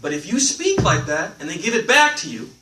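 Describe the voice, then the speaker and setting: A man teaching a live religious class, animated, often asking his listeners questions and letting them answer. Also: sits high, fairly quick. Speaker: Islamic teacher. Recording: roomy, from a distance, faint noise.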